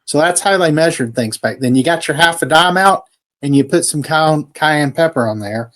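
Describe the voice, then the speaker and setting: A man's voice: fairly high pitch, expressive, moderate pace, fairly bright tone. A man co-hosting a casual podcast, reading aloud from an old cookbook and adding dry, folksy asides. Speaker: podcast co-host. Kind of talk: casual chat.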